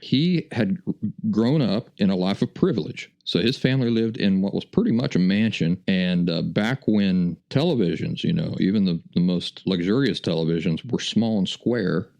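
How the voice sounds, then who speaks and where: A middle-aged man speaks in a low, gravelly voice with plenty of vocal fry. He tells his story in a folksy, chuckling way, as a podcast host chatting to listeners. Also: lively intonation, moderate pace, a little mellow, dull audio. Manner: folksy, chuckling anecdotal delivery. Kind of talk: casual storytelling.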